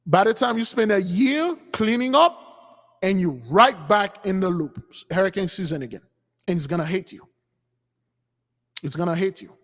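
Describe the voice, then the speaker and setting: A man's voice: high voice, expressive, normal speed, long pauses, fairly bright tone. A man giving an informal sermon-style talk, emphatic and repetitive in how he drives his points home. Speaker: spiritual teacher. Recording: long hall reverb.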